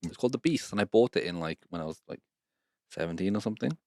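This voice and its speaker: Male host, low voice, casual and sweary, dry sound. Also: expressive, fast talker, dark tone, no echo. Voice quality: swears freely, laughs often. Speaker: podcast host. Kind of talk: casual chat.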